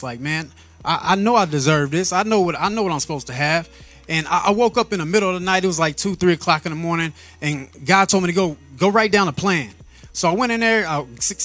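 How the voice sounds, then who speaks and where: Earnest man telling a story, slightly high voice. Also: fairly bright tone. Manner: earnest, repeats and restarts words, laughs between phrases. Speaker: vlogger sharing a faith testimony. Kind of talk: casual spoken storytelling.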